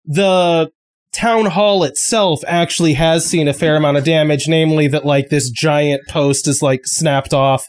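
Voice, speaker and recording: A man's voice: on the high side, fairly even intonation, a little slow. Casual man narrating as game master. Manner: loose and casual, many likes and uhs. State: sick.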